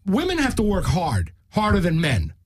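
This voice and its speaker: A man's voice: high-pitched, normal speed, breathy edge. A man hosting a podcast, swearing freely and talking in a loose, joking way. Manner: profane, laughing, animated. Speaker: podcast host. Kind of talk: casual crude chat.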